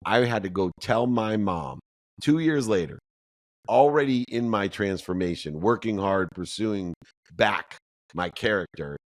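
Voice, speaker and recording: Deep-voiced animated male storyteller. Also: a little slow, dry recording. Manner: animated storyteller, acts out quoted dialogue in a higher voice. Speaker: podcast guest, entrepreneur. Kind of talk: storytelling interview answer.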